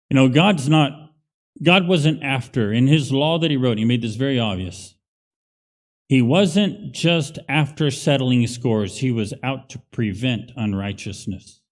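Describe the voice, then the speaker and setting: A man's voice: medium pitch, measured pace. A male pastor preaching a conversational, emphatic sermon in a church. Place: church sanctuary. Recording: long hall reverb.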